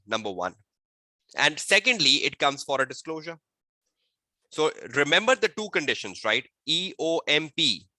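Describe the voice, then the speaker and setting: A male audit tutor giving an online exam-prep lecture, repeating key phrases and quizzing his listeners, slowing to a dictation pace to state the rules. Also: a little high, pushed and bright, no room sound. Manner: slow dictation-like delivery when stating rules. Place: webinar.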